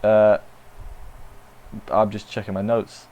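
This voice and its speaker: A man's voice: lowish voice, flat delivery, slow, dark tone, highs cut off. A man casually reviewing an anime episode, rambling, with dry sarcastic asides.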